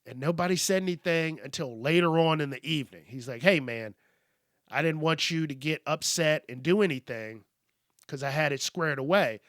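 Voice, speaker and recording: A man's voice: on the high side, moderate pace, a bit bright, dry recording, clean studio sound. A man hosting a podcast, telling a story in a blunt, profane, rambling way. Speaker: podcast host. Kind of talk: casual storytelling monologue.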